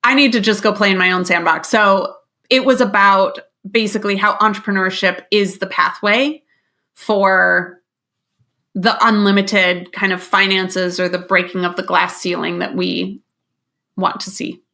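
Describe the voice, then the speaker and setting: A woman's voice: medium pitch, fairly even intonation, measured pace, bright, forceful tone. A woman business coach speaking as a podcast guest, candid and a little rambling, with an occasional swear. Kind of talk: casual interview talk.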